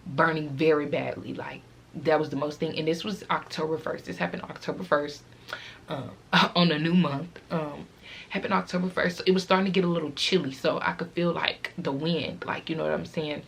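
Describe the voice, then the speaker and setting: A woman's voice: deep voice, steady tone, fairly quick, creaky, fairly bright tone, slight background noise. A teenage girl vlogger telling a casual, rambling storytime, fighting back tears as she talks.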